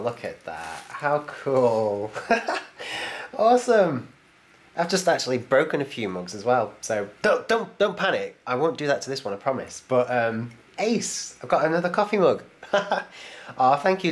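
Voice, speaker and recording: A man's voice: medium pitch, a little hiss or hum. A man hosting his own channel, chatting cheerfully and laughing often as he opens and reads viewer mail aloud. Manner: chatty and enthusiastic, laughs often, talks to the camera. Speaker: YouTube channel host opening viewer mail. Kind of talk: casual chat, reading letters aloud.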